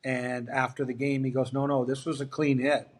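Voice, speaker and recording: A man's voice: medium pitch, moderate pace. A middle-aged man, a guest on an interview show, telling stories casually and acting out the dialogue of the people in them. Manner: animated anecdotes, acts out quoted dialogue. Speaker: interview guest, former hockey player.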